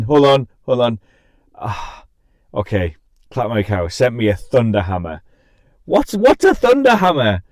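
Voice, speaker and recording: A young man with a mid-range voice hosts a casual live-stream podcast, giggling often and cutting himself off as he reacts to viewers in a scattered way. There's no room sound.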